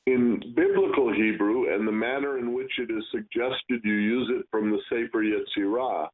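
A man teaching Kabbalah, giving a slow, stern lesson on pronouncing Hebrew letters and stretching words to demonstrate. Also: on the low side. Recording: tinny phone-like sound.

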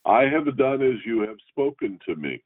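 A man reading scripture aloud and pausing to explain it as a Torah teacher, in a slow, measured way. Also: mid-range voice, big pitch swings. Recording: phone-like radio broadcast.

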